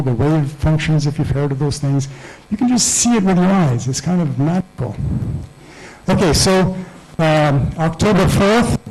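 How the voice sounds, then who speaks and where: A man's voice: on the high side, a little mellow, low-quality recording. A man in his sixties giving a public science lecture, explaining step by step and telling stories with small restarts. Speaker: guest lecturer.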